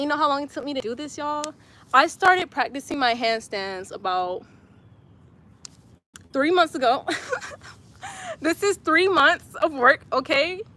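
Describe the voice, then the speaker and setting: Between exercises, a young woman chats casually with her live-stream viewers, reading out their comments. Her high voice sounds bright, and she giggles a lot and repeats phrases. It's recorded on a phone camera, with a faint hiss or hum.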